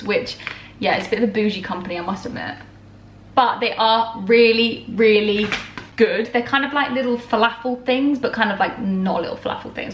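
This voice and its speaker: A woman's voice: a little high, a little hiss or hum. A young woman chatting casually through her day, laughing often and poking fun at herself. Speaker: vlogger. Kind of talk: casual chat. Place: home kitchen. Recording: echoey kitchen with clatter.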